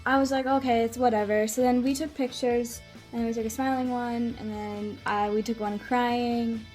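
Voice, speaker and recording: Brief: young female vlogger, high voice, excited rambling storyteller, faint music under. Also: moderate pace. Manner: gushing, many filler "like"s. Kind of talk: casual storytelling vlog.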